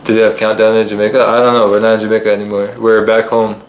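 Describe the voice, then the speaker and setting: A man co-hosting a casual live-stream chat from his living room, joking and teasing in relaxed banter. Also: fairly low pitch, fast talker. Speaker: co-host. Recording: echoey living room, faint noise.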